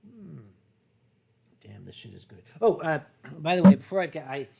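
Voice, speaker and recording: A man hosting a casual livestream while drinking, rambling, swearing freely, clearing his throat and reading viewer messages aloud. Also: fairly high pitch, big pitch swings, moderate pace, dark tone. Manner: rambling and profane, reads chat aloud, frequent throat clearing. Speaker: livestream host.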